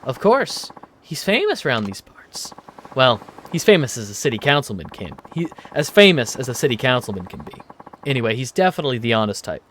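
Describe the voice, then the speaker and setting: A man's voice: mid-range voice, sing-song, a little fast, a bit bright, slight background noise. A man voicing a chatty, cheerful young woman who gossips in a friendly way and giggles as she talks. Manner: bubbly, giggly, talkative.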